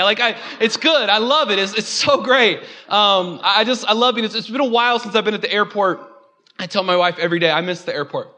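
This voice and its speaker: A young pastor with a high, bright, forceful voice delivers a chatty, conversational sermon. He jokes throughout and calls out to his congregation.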